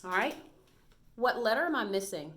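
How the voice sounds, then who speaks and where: Woman teacher doing a video reading lesson for little kids, slow, clear words, encouraging. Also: a little high, very animated, a bit bright. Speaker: first grade teacher. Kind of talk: recorded reading lesson for young children.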